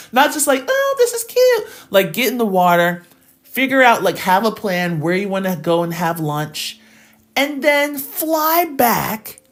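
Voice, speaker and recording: A woman who hosts a math channel, giving a casual motivational rant to her viewers, laughing often and answering live chat. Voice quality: lively, swinging pitch. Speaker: math teacher and channel host.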